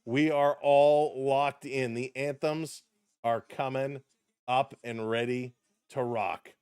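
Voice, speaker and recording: A man hosting a live hockey watch stream, calling the action and greeting chat viewers by name with excited energy. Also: medium pitch, slow pace, clear, resonant tone, no echo, clean studio sound. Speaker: live stream host and play-by-play commentator.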